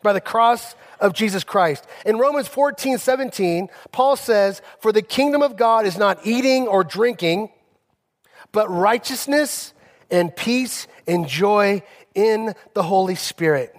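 A male pastor delivering a sermon, telling personal stories with emphasis and slowing down on key phrases. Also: sits high, animated. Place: church sanctuary. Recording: long reverb of a church hall.

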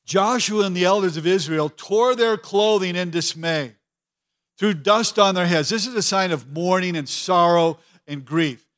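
High-voiced pastor preaching with fervor. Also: male voice. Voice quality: repeats and restarts words when emphatic. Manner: expressive preaching, voicing pleading prayers to God. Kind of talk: sermon.

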